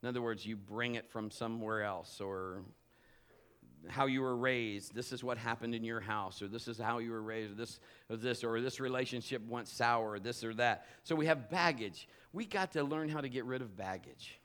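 A man preaching a sermon as pastor, telling a humorous personal story in an animated way. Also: mid-range voice, moderate pace, smooth.

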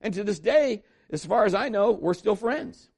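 Animated high-voiced preacher man. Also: normal speed, creaky. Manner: animated storytelling preacher, acts out quoted voices. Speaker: pastor. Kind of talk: sermon.

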